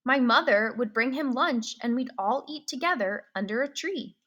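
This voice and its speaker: A woman reading a novel aloud in the first person, pausing to ask comprehension questions, slow and clear. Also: high voice, expressive, a bit bright. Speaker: reader.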